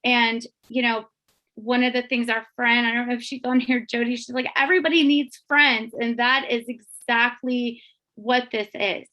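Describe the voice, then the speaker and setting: A woman's voice: fairly high pitch, little pitch movement, normal speed, fairly bright tone. A woman giving an earnest, emotional testimony on a group call. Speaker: guest sharing testimony. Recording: dull lo-fi call audio.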